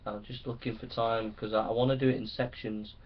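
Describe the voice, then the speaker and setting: A man's voice: on the low side, little pitch movement, brisk. A man preaching a sermon to pastors, reading scripture and urging them on with fervent, rising exhortation. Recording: dull lo-fi recording.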